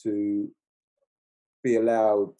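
A man's voice: lowish voice, completely flat delivery, drawn-out words, mellow. A middle-aged man, talking loosely in an interview and asking "you know what I mean" after nearly every point. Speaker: film crew guest. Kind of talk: casual interview chat.

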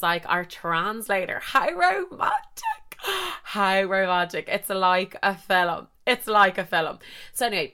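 A young woman in her twenties, a podcast host telling a story in casual chat, animated and swearing freely. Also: fairly low pitch, clean tone.

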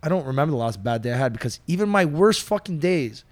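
A man hosting a podcast, an animated storyteller who swears casually. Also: a little high, fast, dry recording. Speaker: podcast host. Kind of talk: casual chat.

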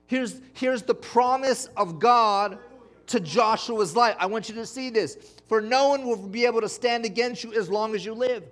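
A man's voice: very high voice, normal speed, fairly bright tone. A man preaching a sermon, emphatic, calling on the congregation to respond. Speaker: pastor.

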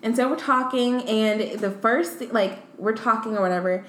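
A woman's voice: on the high side, normal speed, fairly bright tone. A young woman in casual chat as co-host, telling a dating story and filling her talk with "like". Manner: chatty, many "like" fillers. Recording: echoey room, faint background noise.

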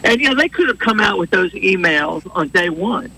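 A man's voice: high voice, animated, moderate pace, sharp tone, slightly rough, rough recording. A man calling in to a radio show, talking bluntly and giving his opinions. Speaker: caller. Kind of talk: phone-in call.

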